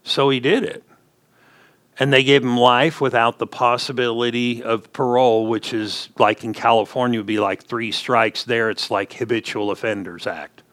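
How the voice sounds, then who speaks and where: Male pastor, mid-pitched, folksy sermon storyteller with emphatic swells. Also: steady tone, normal speed, a bit bright. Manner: folksy storytelling preacher, rising emphatic punches.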